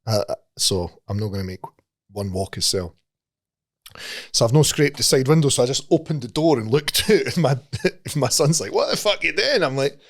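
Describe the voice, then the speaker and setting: A man in his thirties with a Scottish accent, co-hosting a podcast with laughing, sweary banter. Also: mid-range voice. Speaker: podcast co-host. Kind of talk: casual chat. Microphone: studio mic.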